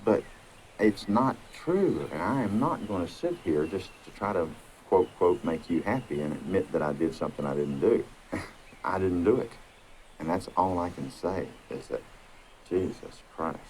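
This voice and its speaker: Deep-voiced man, defensive and insistent. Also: animated, normal speed, darkish tone, a little hiss or hum. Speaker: father. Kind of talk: tense personal conversation.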